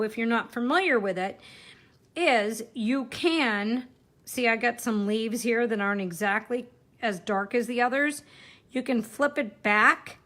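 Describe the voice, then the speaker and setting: A woman's voice: fairly high pitch, a little slow, sharp tone. A chatty woman giving a casual live card-making demo, talking while she works and joking about herself. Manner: chatty, self-deprecating, talks while working.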